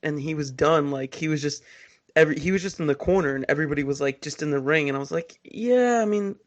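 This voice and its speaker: A man co-hosting a casual podcast who recounts things in a relaxed, rambling way. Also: a little high, quick pace. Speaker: podcast co-host. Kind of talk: casual chat.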